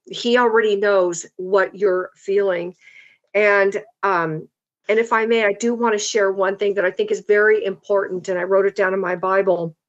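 A woman's voice: medium pitch, fairly even intonation. Earnest woman preaching, slightly dull audio. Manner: earnest, reflective, reads scripture slowly and deliberately. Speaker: guest speaker. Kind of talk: preaching and scripture reading.

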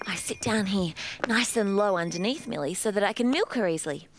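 An Australian woman presenting a children's show, gently coaxing and explaining step by step. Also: medium pitch, lively intonation, normal speed, background noise.

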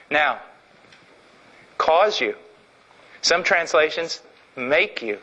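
A male preacher delivers a sermon with impassioned emphasis. His voice sits high, and his tone is bright and forceful. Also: lively intonation, slow pace, pauses often, poor audio.

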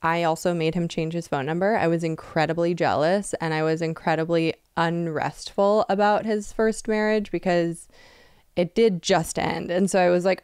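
A woman's voice: fairly low pitch, steady tone, normal speed, a little mellow, clear, resonant tone, no room sound, clean studio sound. A woman in her thirties co-hosting a casual podcast, talking candidly and acting out quoted dialogue. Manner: candid, laughing, quotes people in retold dialogue. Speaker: podcast co-host.

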